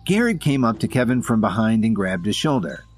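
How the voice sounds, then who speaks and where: A man narrating a scripted story in an even storytelling delivery. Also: on the low side, a little fast, faint music behind.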